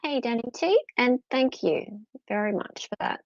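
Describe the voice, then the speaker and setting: Gravelly Australian woman, lo-fi stream. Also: a little high, animated, moderate pace, darkish tone, no room sound. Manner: chatty, playful, teasing. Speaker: livestream host reading chat. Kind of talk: casual chat. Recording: dull lo-fi sound.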